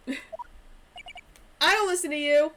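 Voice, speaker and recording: Phoenix Wright, voiced by a woman, brash and high. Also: drawn-out words, a little hiss or hum, full character voice. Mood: cocky. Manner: excited, boastful, mocking. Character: brash young male defense attorney, cocky loose cannon. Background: game music.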